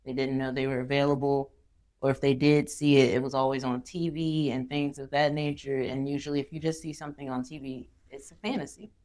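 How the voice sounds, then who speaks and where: A woman's voice: extremely low pitch, little pitch movement, a little fast, darkish tone. A woman hosting a podcast, chatting casually and asking questions in a conversational, self-deprecating way. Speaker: podcast host. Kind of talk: casual interview chat.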